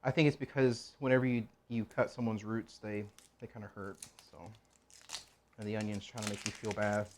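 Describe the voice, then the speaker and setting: A man's voice: fairly low pitch, level tone, normal speed, a little mellow, a little hiss or hum. A man hosting a casual cooking vlog, rambling and joking to himself and viewers as he chops in a home kitchen. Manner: rambling, joking, talks to himself while chopping. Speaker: cooking channel host.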